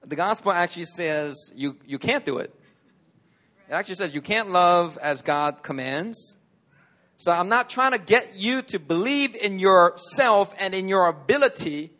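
A man with a fairly high voice preaching a casual, story-driven sermon in a church. He talks in a conversational way, acts out little scenes and laughs along the way. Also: animated, measured pace, sharp tone. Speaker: pastor.

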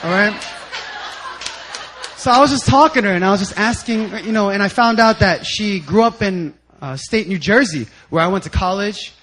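A young male pastor with a high, light voice preaches to his congregation. He tells the story in an animated, conversational way and laughs easily between points. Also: moderate pace, slight background noise. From United States. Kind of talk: sermon.

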